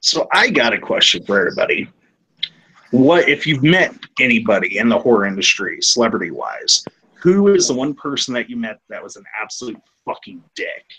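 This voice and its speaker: A man's voice: mid-range voice, big pitch swings, a little fast, bright, forceful tone, husky, rough recording. A man hosting a casual podcast chat, telling loose, profane stories and acting out quotes. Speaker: podcast host.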